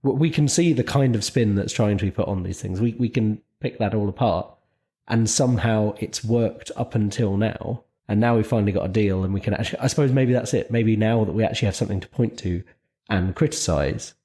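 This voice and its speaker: A man's voice: on the low side, fairly quick, warm tone. A man co-hosting a podcast, thinking aloud in a hesitant, musing way. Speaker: podcast co-host. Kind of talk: casual political discussion.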